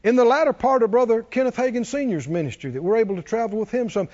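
A man preaching a sermon, animated and joking with the congregation. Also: extremely high pitch, fast, dull audio. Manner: animated preaching, jokes with congregation, does cartoon voices. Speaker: pastor.

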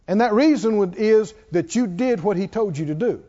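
Lively high-voiced man preaching a sermon. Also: moderate pace, highs cut off. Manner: call-and-response preaching, asks the congregation questions.

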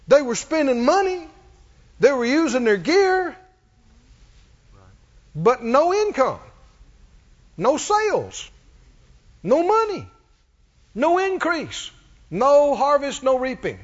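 A man's voice: extremely high pitch, very animated, takes it slowly, pauses often. A man preaching a sermon, repeating phrases and calling for responses from the congregation. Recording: dull audio in a reverberant hall.

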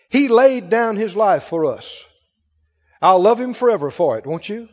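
A man's voice: sits high, animated, moderate pace, darkish tone, long reverb tail, lo-fi sound. A man preaching a fervent sermon and drawing call-and-response from his congregation.

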